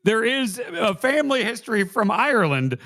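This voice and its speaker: A man on a podcast, stubbornly making his case in a back-and-forth. His voice is high for a man and moves about a lot in pitch. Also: very animated, normal speed, sharp tone. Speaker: podcast co-host. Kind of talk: casual chat.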